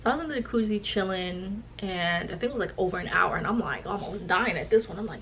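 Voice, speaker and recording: A woman's voice: mid-range voice, fast talker, slight background noise, rough recording. A young woman, telling a personal story in a casual vlog chat and acting out the voices of the people in it. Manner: animated, acts out quoted voices. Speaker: vlogger.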